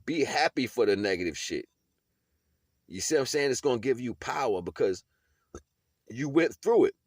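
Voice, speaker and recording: An easygoing video blogger delivers a casual motivational monologue in slangy, dry-sounding street talk, his medium-pitched voice sing-song at a normal speed. He keeps asking "you know what I'm saying" and laughs often as he goes. The recording is dry.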